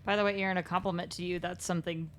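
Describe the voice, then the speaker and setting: A woman's voice: fairly low pitch, racing, a little hiss or hum. A woman co-hosting a podcast in a studio, chatting casually about films with lots of "like". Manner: relaxed, filler-heavy talk with repeated likes. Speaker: podcast co-host. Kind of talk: casual chat about movies.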